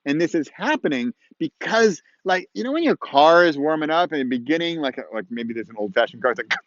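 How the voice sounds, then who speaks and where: A man's voice: a little high, lively intonation, a little fast, fairly bright tone, lo-fi sound. A man hosting his own show in casual, encouraging talk, chatty and rambling with playful asides, recorded outdoors at dawn. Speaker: host of a motivational podcast-vlog.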